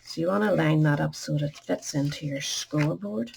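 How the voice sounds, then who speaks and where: Casting: woman craft host, low gravelly voice, chatty step-by-step teaching, faint background hiss. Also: a little fast, a little mellow. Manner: chatty, instructive, drops to a murmur at times.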